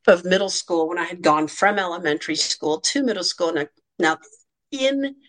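A woman's voice: lowish voice, a bit bright. A middle-aged woman, a former child actor, telling a candid personal story in an interview with a wry, frank manner, laughing between sentences and restarting phrases.

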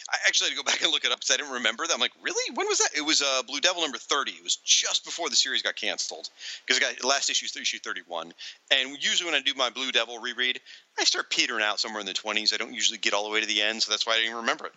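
Casting: male co-host, quick and animated delivery, very bright, dry close sound. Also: mid-range voice, dry recording, poor audio. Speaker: podcast co-host. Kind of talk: casual comics discussion.

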